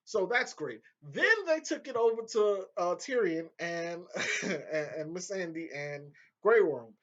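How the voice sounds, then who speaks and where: A man recapping a TV episode in a casual, excitable way, swearing often and breaking into laughter. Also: sits high, slow pace. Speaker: video reviewer. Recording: dull lo-fi home audio.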